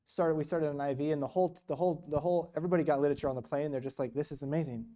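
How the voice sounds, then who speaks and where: A man's voice: fairly high pitch, steady tone, racing, mellow. A man giving a casual storytelling talk in church about mission work, with many restarts. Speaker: guest speaker on mission work.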